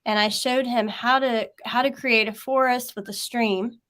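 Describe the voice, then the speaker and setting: A woman's voice: a little high, steady tone, unhurried, a bit bright. Chatty woman with a Southern accent. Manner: chatty, laughing often, filler-heavy. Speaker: webinar host and teacher. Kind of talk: casual chat. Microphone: video call.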